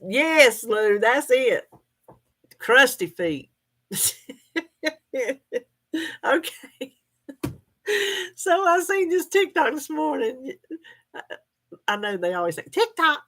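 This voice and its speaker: A woman's voice: high voice, big pitch swings, slow pace, pauses often, fairly bright tone. A woman hosting a casual livestream, chatting folksily with viewers and laughing often. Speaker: livestream host. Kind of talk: casual live chat reading comments.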